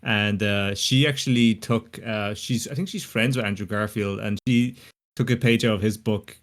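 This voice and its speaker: A man's voice: fairly low pitch, steady tone, normal speed. Laid-back man in casual chat. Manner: laid-back, hesitant with fillers.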